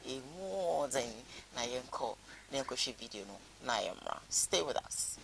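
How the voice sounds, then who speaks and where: A man's voice: mid-range voice, sing-song, unhurried, creaky, a bit bright, slight background noise, rough recording. A man with a Ghanaian accent, hosting a TV morning show and mixing languages as he addresses viewers. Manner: mixes languages, asks viewers to subscribe. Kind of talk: TV show presenting.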